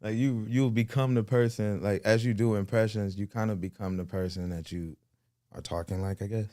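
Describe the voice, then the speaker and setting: A man telling a story as a guest comedian in a casual podcast chat, animated and full of slang. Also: fairly low pitch, moderate pace.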